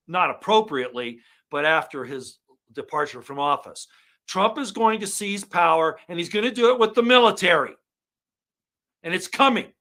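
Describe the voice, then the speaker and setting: A man giving an angry monologue to his viewers, swinging from loud outbursts to low muttering. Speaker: online commentator.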